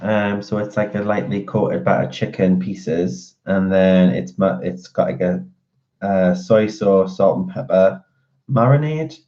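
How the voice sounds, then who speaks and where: Man, very deep voice, casual rambling chat, ums and restarts, muffled lo-fi sound. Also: a little slow, warm tone. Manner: rambling, with many fillers and restarts. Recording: dull lo-fi audio.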